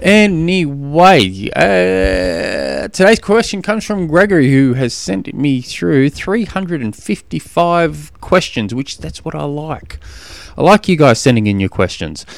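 An Australian man talks through his solo podcast in a loose, frank, rambling way, often stopping and restarting his sentences. His voice is smooth and resonant, and it is recorded close and dry with no room sound. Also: fairly high pitch, very animated, slow pace, dry recording. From Tasmania. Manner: rambling, frank, exasperated storytelling with frequent restarts. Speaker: podcast host and triathlon coach. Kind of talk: casual solo podcast monologue.

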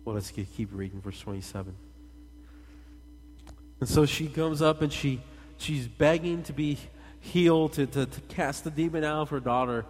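A man preaching a sermon in a lively, conversational way, talking straight to his congregation. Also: on the high side, moderate pace, slightly rough. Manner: animated, conversational, addresses the congregation directly. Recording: long hall reverb.

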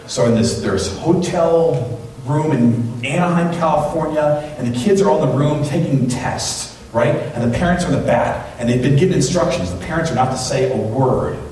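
A man's voice: mid-range voice, normal speed, distant mic, slight background noise. Echoey man preaching in a church. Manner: conversational, animated storytelling with quoted voices. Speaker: pastor. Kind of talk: sermon. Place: church sanctuary. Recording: very echoey hall, voice from off-mic.

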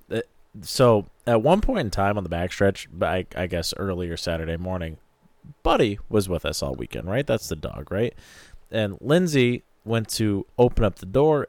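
Animated, swearing man telling stories. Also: on the low side, normal speed, no room sound. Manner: animated storyteller, swears freely, acts out quotes. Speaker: podcast co-host. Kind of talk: casual chat.

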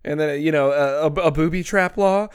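A man co-hosting a podcast in casual banter, crude and quick to get outraged. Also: fairly high pitch, clean tone, dry recording, clean studio sound. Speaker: podcast co-host.

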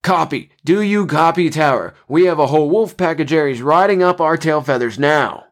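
A man voicing a brash young male wartime fighter pilot who shouts over the engine. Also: mid-range voice, brisk, voice pushed up, close to an everyday voice. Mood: frantic.

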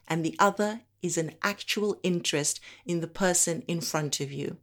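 Woman from africa doing spoken word, lowish voice, slow deliberate pauses. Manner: measured, deliberate delivery with slow emphatic pauses.

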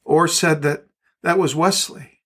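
A man's voice: on the high side, fairly even intonation, measured pace, fairly bright tone, breathy edge. A man pastor delivering a podcast sermon and prayer, with a fervent, repetitive prayerful cadence.

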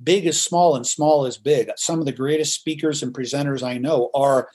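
A man speaking as a podcast guest who coaches trial lawyers in theater methods, talking in an animated, theatrical, emphatic way. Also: medium pitch, normal speed. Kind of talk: podcast interview.

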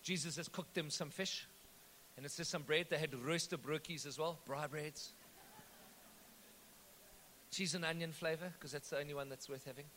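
A man's voice: a little high, fairly even intonation, normal speed, pauses often, pushed and bright, a little hiss or hum. A man, preaching a sermon and retelling the text as a story with joking asides. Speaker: pastor. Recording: echoey hall.

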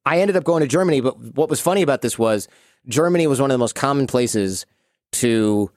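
An American man in his late thirties, a podcast guest telling lively stories with quick asides. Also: mid-range voice, dry recording, studio quality. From United States. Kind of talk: storytelling interview.

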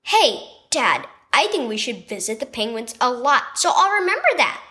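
A woman's voice: fairly high pitch, sing-song, moderate pace, pushed and bright. A woman voicing a cheerful young girl in a children's storybook devotional, speaking eagerly. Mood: playful. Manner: eager, chirpy.

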